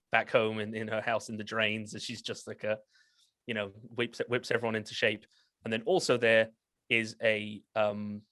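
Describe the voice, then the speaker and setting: A man's voice: on the low side, fairly bright tone, no echo. A man narrating as game master of a tabletop game, rambling with many fillers and frequent laughs.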